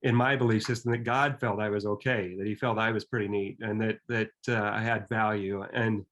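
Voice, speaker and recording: A man in his fifties telling a personal story in an earnest, reflective way, often pausing and restarting his sentences. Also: lowish voice, steady tone, a bit bright.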